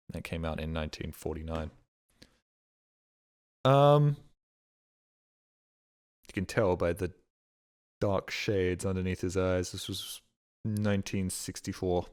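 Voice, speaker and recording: A man's voice: deep voice, a little mellow, smooth. A male streamer giving casual gaming commentary, thinking aloud, swearing freely and bragging.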